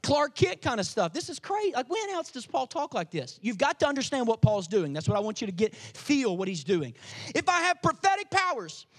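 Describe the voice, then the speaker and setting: A man preaching a sermon as pastor, energetic and dramatic, swinging between loud emphasis and hushed asides. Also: extremely high pitch, brisk.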